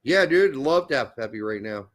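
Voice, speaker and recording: A man co-hosting a live soccer watch-along stream, talking casually with lots of swearing and bursts of shouting. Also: mid-range voice, normal speed. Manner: excitable, profane, bursts into shouting over goals.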